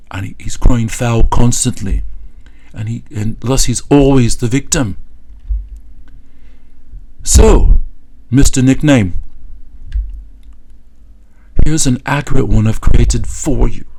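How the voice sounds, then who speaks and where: A man's voice: mid-range voice, warm tone, poor audio. A man giving satirical political commentary in a mocking, scornful way, with many hesitant fillers.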